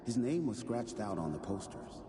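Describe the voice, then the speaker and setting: An ominous game storyteller. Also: male voice, lowish voice, very animated, moderate pace, a crowd in the background. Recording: reverberant game scene with ambient noise.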